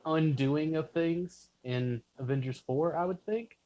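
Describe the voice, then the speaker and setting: Excitable man in casual podcast chat. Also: on the high side, measured pace, dull audio. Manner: excited, swears freely, searches for words. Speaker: podcast guest.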